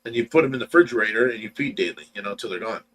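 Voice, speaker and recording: A man's voice: lowish voice, racing, a bit bright, poor audio. A middle-aged man co-hosting a casual livestream, easygoing and teasing as he reads out viewer comments. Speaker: livestream co-host.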